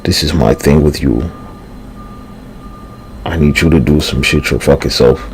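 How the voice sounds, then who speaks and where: A man's voice: extremely low pitch, measured pace, a little hiss or hum. A man rambling through a livestream monologue, profane and slangy, drifting between thoughts with sighs and fillers.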